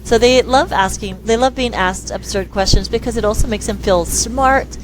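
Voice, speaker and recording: A woman speech therapist talking in an interview, lively and quick to act out the voices of children and parents. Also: fairly high pitch, background noise. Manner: lively, acts out quoted dialogue in voices. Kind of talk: conversational interview.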